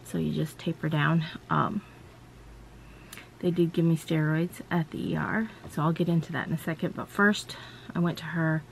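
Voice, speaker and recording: A woman vlogger with a low, gravelly voice rambles through a personal story in casual chat, leaning on "you know" and "like" as she goes. A faint ambient hum sits behind her. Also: fairly even intonation, moderate pace.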